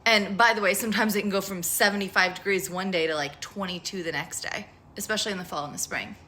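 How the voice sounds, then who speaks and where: A woman's voice: mid-range voice, fairly even intonation, fast talker, sharp tone, a little hiss or hum. A woman talking casually to camera about spirituality, frank and profane, rambling with lots of "like.". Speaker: spiritual tarot vlogger.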